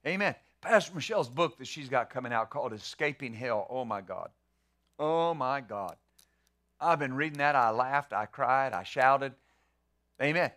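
A man's voice: mid-range voice, lively intonation, normal speed, fairly bright tone. A middle-aged man pastor preaching a sermon in a conversational way, full of rhetorical questions and repeated words.

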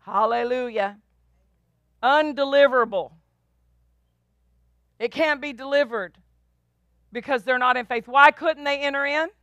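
Woman pastor, high bright voice, emphatic preaching with repeated calls for response. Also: unhurried, pauses often, no echo, dull audio. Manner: emphatic, repetitive, call-and-response. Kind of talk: sermon.

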